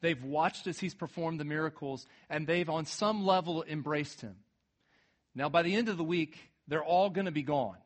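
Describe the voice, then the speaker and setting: Animated man preaching a conversational sermon. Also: normal speed. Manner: animated, builds to emphatic peaks then drops low and quiet; retells scripture in a casual, conversational way. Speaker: pastor.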